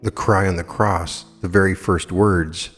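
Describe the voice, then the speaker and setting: A man's voice: deep voice, fairly even intonation, unhurried, fairly bright tone, slightly rough, long reverb tail, soft background music. A man in his fifties giving a spiritual lecture, telling anecdotes earnestly and emphatically with rhetorical questions. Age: 50s. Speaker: metaphysical lecturer.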